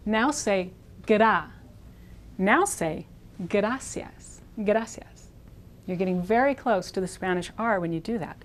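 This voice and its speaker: A woman teaching a Spanish pronunciation lesson, slowly sounding out words and repeating them for practice. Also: mid-range voice. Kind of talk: instructional video lesson.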